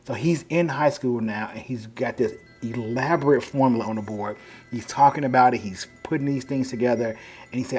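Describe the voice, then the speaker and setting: A man's voice: mid-range voice, moderate pace, a little mellow, faint music behind. A man giving a casual, rambling recap of a comic book, full of "you know" and "like".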